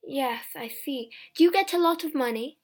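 A woman's voice: high voice, normal speed, pitched above the performer's own voice, natural voice. A woman reading as a hesitant Victorian doctor. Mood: polite, uneasy. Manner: polite, hesitant. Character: reserved, uneasy male Victorian doctor.

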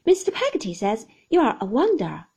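A woman's voice: fairly high pitch, wildly swooping pitch, fairly quick, a little mellow, husky, heavily acted, rough recording. A woman reading as an eager, effusive young man. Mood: earnest. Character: earnest admiring young man, warm-hearted.

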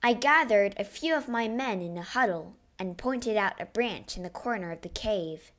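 A woman narrating a storybook adventure in the first person, measured and expressive. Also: mid-range voice.

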